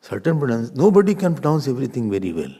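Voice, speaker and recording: A man's voice: medium pitch, big pitch swings, quick pace, mellow, slightly rough. A man with an Indian accent teaching a scripture class in a playful, teasing way. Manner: playful, teasing, mixes in Hindi and Sanskrit terms. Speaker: Vedanta teacher.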